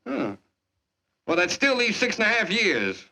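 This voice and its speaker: A man's voice: high voice, wildly swooping pitch, a little slow, gravelly, bright, forceful tone, full character voice. A man playing a teasing leading man in a 1940s screwball film comedy, speaking in a breezy way.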